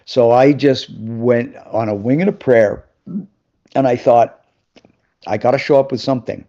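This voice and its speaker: Man, animated storyteller, plays out other voices, mid pitch, slightly dull lo-fi sound. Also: a little slow. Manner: lively anecdotes, acting out other people's voices. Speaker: actor and interview guest. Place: live video call.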